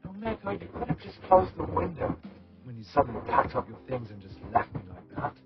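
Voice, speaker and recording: Gravelly and brisk, with big pitch swings at a medium pitch, this actor plays a sarcastic, gloomy young man full of self-loathing who keeps muttering to himself. The game audio is dull and lo-fi over music.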